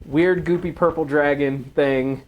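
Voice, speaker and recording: A man playing a tabletop game, talking casually with halting restarts. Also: a little high, fairly even intonation, low-quality recording. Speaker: player.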